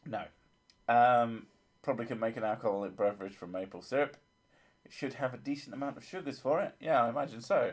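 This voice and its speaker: A male gaming host in relaxed, rambling chat. He jokes and swears constantly and breaks into laughter often. His voice sits at an ordinary middle pitch. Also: brisk.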